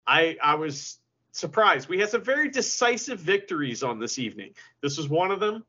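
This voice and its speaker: A man's voice: a little high, sing-song, normal speed, bright, forceful tone. A man co-hosting a podcast, chatting casually with playful, jokey asides. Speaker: podcast co-host. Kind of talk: casual chat. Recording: dull lo-fi audio.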